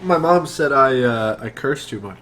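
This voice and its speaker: Teasing New Jersey co-host. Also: male voice, mid-range voice, expressive, moderate pace, fairly bright tone, slight background noise. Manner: laughs a lot, dry teasing. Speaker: podcast co-host. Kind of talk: casual chat.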